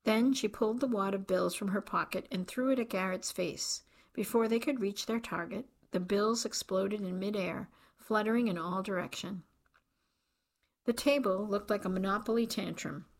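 A woman narrates a novel in an even, measured way. Her mid-range voice carries a noticeable creaky, gravelly grain. The reading is steady and unhurried. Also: mid-range voice. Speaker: audiobook narrator. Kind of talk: scripted narration.

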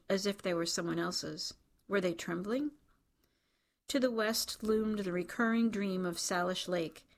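A woman's voice: lowish voice, gravelly. A woman narrating an audiobook in a wry, dry storytelling manner.

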